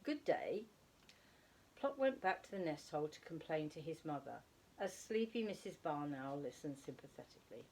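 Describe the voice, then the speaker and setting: A woman reading a children's story aloud with expressive delivery, slowing for emphasis. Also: low voice, slight background noise.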